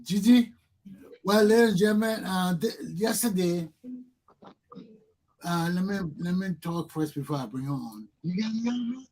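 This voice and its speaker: A man hosts a call-in talk show in a husky, fairly high voice. He talks in halting bursts, restarts his sentences and keeps checking that his guests can hear him. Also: animated, darkish tone, rough recording.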